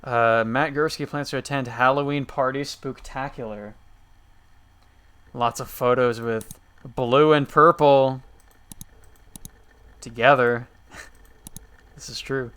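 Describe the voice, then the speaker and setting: A man's voice: medium pitch, steady tone, takes it slowly, pauses often, fairly bright tone, clear, resonant tone. A man streaming a game, reading its messages aloud in an easygoing running commentary.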